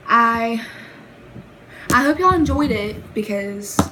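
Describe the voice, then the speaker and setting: A woman's voice: fairly high pitch, expressive, slow, background noise. A woman with a Southern US accent chatting in a casual storytime vlog, rambling with lots of fillers, giggly and self-deprecating. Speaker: vlogger.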